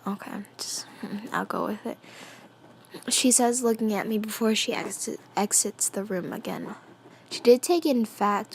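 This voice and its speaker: A woman reading a fan story aloud, quietly and half-whispered, giggling and breaking off to comment. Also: medium pitch, a little hiss or hum. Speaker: fan fiction reader.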